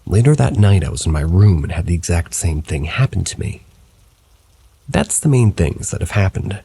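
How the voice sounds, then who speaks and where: A man with a husky voice reads scripted first-person paranormal stories at normal speed, keeping a low, even storytelling tone.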